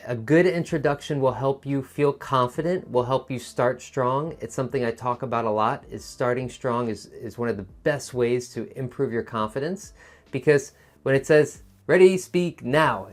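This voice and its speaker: Encouraging male test-prep teacher. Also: medium pitch. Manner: encouraging, explains step by step with examples.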